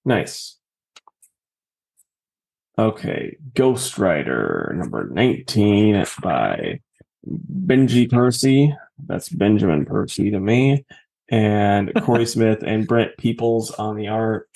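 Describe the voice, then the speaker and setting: A man's voice: on the low side, sing-song, slow, vocal fry, a little mellow. A man co-hosting a podcast, casually chatting about comics and retelling stories with jokes. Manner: storytelling, jokey retelling. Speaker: podcast co-host. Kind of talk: casual comic review chat.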